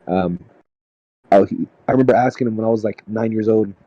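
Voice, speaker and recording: A man telling a personal story in casual podcast talk, halting and rambling with lots of "dude" and "man". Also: on the low side, warm tone, no echo, muffled recording. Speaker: podcast panelist. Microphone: podcast mic.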